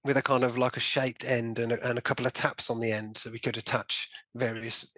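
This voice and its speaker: A man, a guest in an interview, tells a personal story with animated delivery, acting out his own and the doctors' remarks and often saying "you know". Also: mid-range voice, brisk, dry recording.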